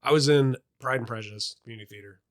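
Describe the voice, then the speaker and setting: A young man co-hosting a podcast, chatting casually and telling theater stories with quick asides. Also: medium pitch, no room sound, clean studio sound. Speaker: podcast co-host. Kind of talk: casual chat.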